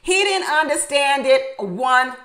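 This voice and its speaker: A woman giving a casual, animated recap of a reality show, laughing often and repeating her points for emphasis. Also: sits high, slow pace, poor audio.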